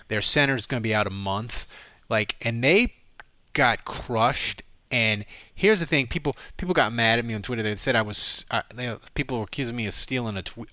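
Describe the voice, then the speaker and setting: A man hosting a sports podcast, giving quick, opinionated analysis in a casual chat. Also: medium pitch, pushed and bright, dry recording. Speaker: podcast host.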